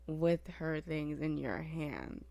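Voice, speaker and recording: A young woman co-hosting a podcast, telling a story in a chatty, animated way full of fillers. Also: deep voice, slow pace, creaky, a crowd in the background. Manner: chatty, animated, filler-heavy with frequent laughs. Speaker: podcast co-host. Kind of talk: casual chat, storytelling.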